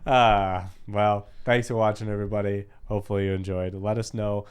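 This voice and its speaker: A man's voice: lowish voice, little pitch movement, brisk, clean tone. An American man co-hosting a reaction video, talking loosely and jokingly with plenty of filler words. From United States. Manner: loose and jokey, many "like" fillers. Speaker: reaction channel co-host. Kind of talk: casual reaction commentary.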